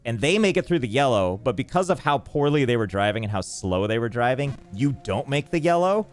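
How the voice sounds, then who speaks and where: A man's voice: mid-range voice, fairly quick. A man streaming a game and chatting casually, telling ranting stories and answering chat. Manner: animated ranting storyteller, reads chat.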